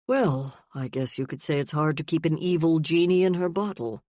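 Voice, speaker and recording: An audiobook reader voicing a witty, sharp-tongued woman with a dry, wry delivery. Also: medium pitch, normal speed, dry recording, natural voice.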